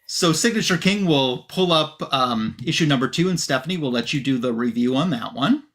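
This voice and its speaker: A man hosting a podcast in a relaxed, easygoing way, passing the review to a guest. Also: mid-range voice, fairly quick. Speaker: podcast host. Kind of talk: casual show hosting.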